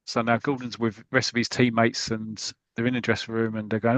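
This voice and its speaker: A man's voice: mid-range voice, level tone, a little fast, few pauses, no echo. Enthusiastic man retelling a comic. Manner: enthusiastic, acts out quotes, frequent fillers. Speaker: podcast host. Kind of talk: casual retelling of a comic story.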